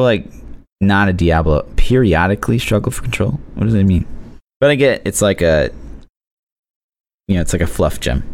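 A man co-hosting a casual gaming podcast, talking in an animated, rambling way with lots of fillers. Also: low-pitched, a little hiss or hum. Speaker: podcast co-host.

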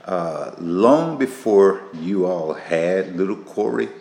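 A man hosting a casual faith-based interview, animated and teasing, laughing often. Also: low voice, slow. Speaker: interview host. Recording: echoey room with faint noise.

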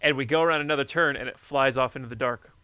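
A man chatting casually, telling a story with lively energy and plenty of swearing. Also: medium pitch, quick pace, smooth, no echo. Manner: animated storyteller, swears freely. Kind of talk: casual chat.

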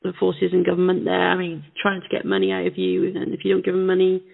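A woman co-hosting a casual call-in talk show, chatting in a relaxed, agreeable way. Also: lowish voice, fast talker, gravelly. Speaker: co-host. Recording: phone line.

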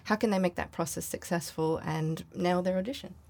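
A woman's voice: on the low side, steady tone, a little fast, darkish tone. A woman host interviewing a guest in a friendly, affirming way. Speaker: podcast host.

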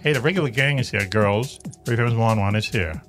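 A man's voice: mid-range voice, a little fast, faint music behind. A middle-aged man with a Boston accent, hosting a talk radio show in a loose, rambling, jokey way. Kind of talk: casual chat.

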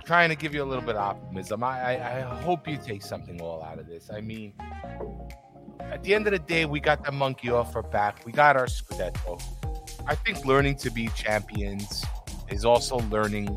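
A man's voice: medium pitch, lively intonation, moderate pace, over music. A man co-hosting a sports podcast, talking in an easygoing, reassuring way. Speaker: podcast co-host. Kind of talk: casual sports chat.

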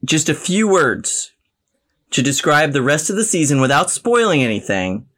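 Relaxed male podcast host. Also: on the high side, moderate pace. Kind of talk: casual interview.

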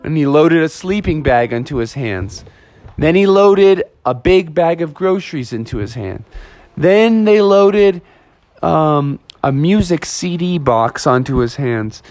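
A man telling a playful children's story with animated, lively narration. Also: on the high side, no echo.

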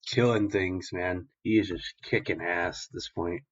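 Young male podcast host, casual profane recapper with a low voice and muffled audio. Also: a little slow. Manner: rambling, profane, animated retelling.

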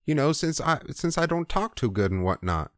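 A man's voice: fairly high pitch, big pitch swings, normal speed, pitched above the performer's own voice. A whiny, pleading prophet who complains to his god in a raised, strained voice, as a man puts him on. It is a crude comedic retelling told in a dry, close sound with no room echo. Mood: exasperated. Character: anxious complaining male prophet Moses.

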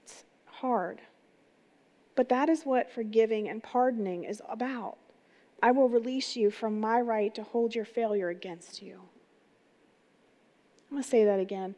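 A woman's voice: a little high, normal speed, pauses often. Woman preaching in a reverberant hall. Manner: energetic, conversational, asks the crowd rhetorical questions. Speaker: pastor. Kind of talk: sermon. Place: church sanctuary. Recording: long reverb of a large hall.

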